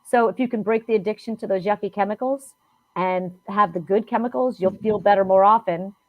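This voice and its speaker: A woman guest in a podcast interview, explaining her views in an earnest, steady way. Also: mid-range voice, fairly quick, dry recording. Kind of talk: interview answers. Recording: tinny phone-line audio, dry.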